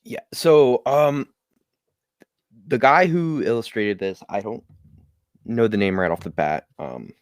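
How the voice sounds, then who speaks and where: A man co-hosting a casual podcast, giving his opinion hesitantly with filler pauses. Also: medium pitch, animated, dry recording, clean studio sound. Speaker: podcast co-host.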